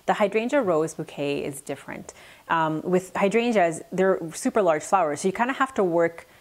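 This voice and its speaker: A woman's voice: lowish voice, animated, moderate pace. A woman florist giving a friendly, practical step-by-step demonstration at her work table, sharing tips as she goes. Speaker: florist instructor. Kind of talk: demonstration tutorial. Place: flower shop work table.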